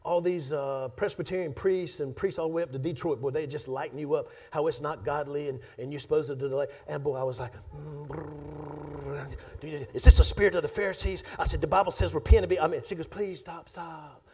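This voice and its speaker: A man preaching a sermon as pastor, emphatic and conversational, swinging between loud and soft, joking with his congregation. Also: fairly high pitch, fast talker, few pauses, a little hiss or hum. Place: church sanctuary.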